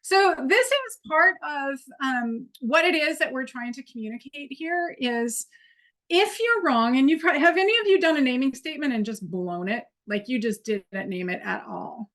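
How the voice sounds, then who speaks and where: Leading an improv drill at a training workshop, this woman instructor speaks expressively at a normal pace, her high voice a touch bright. She keeps things encouraging and conversational, mixing in playful demos.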